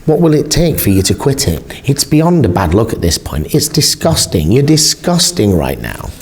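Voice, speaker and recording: A man voicing a sharp-tongued teenage girl, angry and scornful at her twin sister. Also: lowish voice, very animated, voice pushed up. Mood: furious. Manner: scornful, quick to anger.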